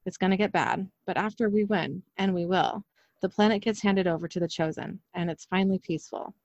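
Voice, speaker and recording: A woman's voice: lowish voice, fairly quick, creaky, no echo. A woman reading a serene young girl prophet. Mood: calm. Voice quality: flat, unperformed reading. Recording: slightly dull lo-fi audio.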